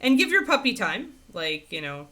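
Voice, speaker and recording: A woman hosting a livestream, chatting casually and answering viewers' questions in a rambling, animated way with frequent laughter. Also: normal speed. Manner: animated, swinging pitch into playful quoted voices. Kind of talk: casual chat.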